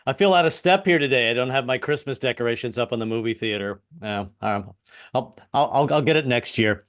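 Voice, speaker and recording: A man's voice: mid-range voice, fairly quick, a bit bright, clear, resonant tone. A man in his fifties doing a self-deprecating stand-up routine over a video call, with wry punchlines and stammered restarts. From US, moved around incl. the South. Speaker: stand-up comedian.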